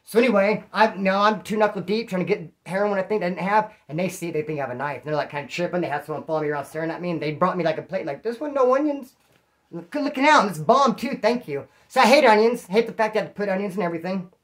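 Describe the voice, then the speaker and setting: A man's voice: high voice, rapid-fire, hardly any pauses, a bit bright. A middle-aged man from California, hosting his own channel and telling prison stories in a rambling, profane, self-mocking monologue to his viewers. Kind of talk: casual storytelling monologue.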